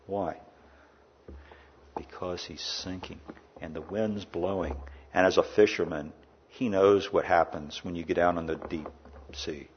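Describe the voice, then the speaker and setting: A man preaching a sermon in a church, rising loud in the story and dropping quiet for asides. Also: deep voice, fairly even intonation, unhurried, long pauses, lo-fi sound, a little hiss or hum. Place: indoor air-conditioned church.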